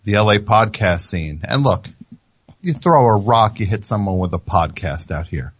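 A man's voice: fairly low pitch, animated, normal speed, slightly rough, no echo, highs cut off. A man hosting a podcast from a studio, rambling and joking as he talks into the microphone. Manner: rambling, jokey, self-interrupting. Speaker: podcast host. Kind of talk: casual radio-style monologue. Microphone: studio microphone with headphones.

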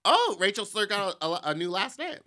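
A man co-hosting a podcast in casual chat, quick with asides and giggling often. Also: sits high, very animated, bright, forceful tone. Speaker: podcast co-host.

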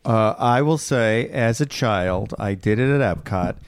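A man in a casual podcast chat, amused and reacting with quick asides. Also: lowish voice, clear, resonant tone, no echo, studio quality.

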